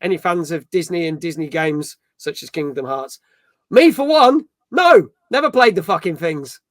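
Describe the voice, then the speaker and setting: A middle-aged man with a Birmingham accent runs a gaming chat show in easy, rambling talk, dropping swear words as he goes. His voice sits high for a man. It is recorded close and dry, with no room sound. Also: animated, normal speed, fairly bright tone, dry recording. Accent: Birmingham English. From England. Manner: chatty, swears freely, laughs at himself. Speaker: podcast host.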